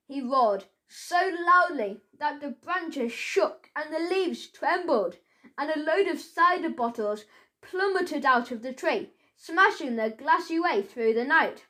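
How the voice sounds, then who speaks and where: High, slow woman reading a children's story. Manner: playful, expressive storytelling. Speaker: audiobook reader. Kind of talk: children's audiobook narration.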